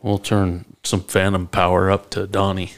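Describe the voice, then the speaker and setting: A man's voice: low-pitched, completely flat delivery, normal speed. A man hosting a casual podcast, joking and laughing with his guests. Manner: jokey, laughing, sings his own intro. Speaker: podcast host.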